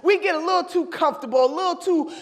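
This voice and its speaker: A woman giving an impassioned political speech at a convention, with a fiery, preacher-like cadence and shouted repetitions. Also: very high voice, fast. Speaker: convention speaker. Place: large convention hall. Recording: long hall reverb.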